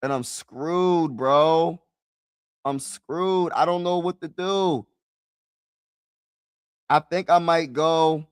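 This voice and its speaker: A man's voice: a little high, drawn-out words, pauses often, clean tone, dry recording. A man hosting a casual live-stream football mock draft, talking straight to his viewers and swinging between frustrated outbursts and mutters, with lots of "bro" and "y'all". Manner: talks straight to viewers, repeats himself, uses "bro" and "y'all".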